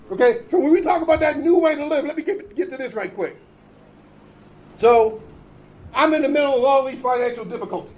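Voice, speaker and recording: Emphatic, high-voiced man preaching recovery. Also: rough recording. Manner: emphatic, repetitive, blunt with profanity; conversational, checks in with "okay?" and "right?". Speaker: recovery conference speaker.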